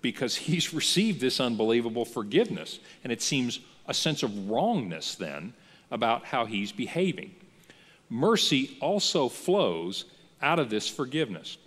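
Lively man teaching in an echoing hall. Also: medium pitch, a little slow, slightly rough. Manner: animated storytelling, acting out the characters' words. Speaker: pastor. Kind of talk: teaching a church class.

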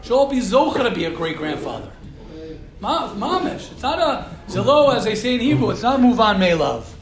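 A rabbi gives an informal morning class to a small live group of young men in an echoey room, with a crowd audible behind him and rough recording quality. His voice is very high and sing-song at a moderate pace, and he repeats his points emphatically and coaxes the listeners with questions.

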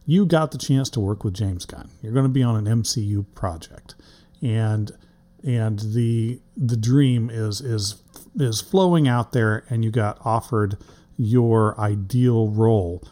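A man's voice: fairly low pitch, a little slow, mellow. A man interviewing a guest in a casual chat, rambling through his questions and laughing easily.

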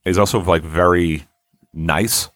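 A man in casual podcast chat, talking in a relaxed way with lots of fillers and frequent chuckles. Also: sits low, slow pace, no echo.

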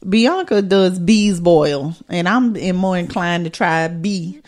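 A woman co-hosting a casual podcast, playful, with quick asides and talk straight to the listeners. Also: on the low side, a little mellow. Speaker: podcast co-host.

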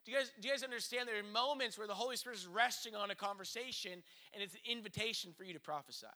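A man's voice: high voice, racing, sharp tone. A man preaching a conversational sermon as pastor, earnest, with frequent restarts and acted-out asides.

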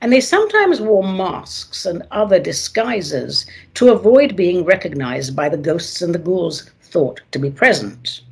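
Husky, theatrical woman radio host. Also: lowish voice. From not from America, moved there. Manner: playful, dramatic, sing-song emphasis. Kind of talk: theatrical solo radio talk.

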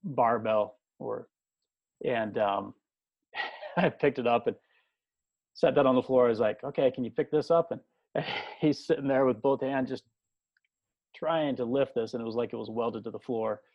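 A man co-hosting, telling a story in relaxed casual chat with frequent hesitations. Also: mid-range voice, a little slow, creaky, long pauses, no echo. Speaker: co-host. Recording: dry, dull lo-fi sound.

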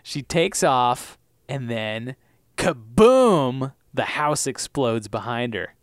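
In studio-quality sound with no room noise, a podcast co-host speaks slowly in a clear, resonant, medium-pitched voice. He recaps TV episodes casually and animatedly, laughing a lot and performing characters' lines.

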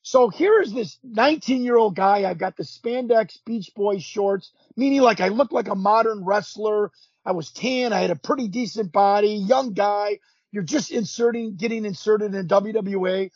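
A husky, high-pitched man in his fifties tells stories as a podcast guest. He is animated, acts out what people said and keeps restarting his sentences. The recording is dry and dull, lo-fi. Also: moderate pace, dry recording. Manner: animated storyteller, acts out quotes, frequent restarts. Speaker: podcast guest, former pro wrestler. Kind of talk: casual storytelling interview. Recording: dull lo-fi sound.

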